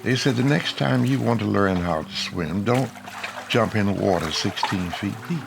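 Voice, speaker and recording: Slow, gravelly, deep-voiced man. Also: background noise. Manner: slow, deliberate storytelling. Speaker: interviewee. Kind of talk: documentary testimony.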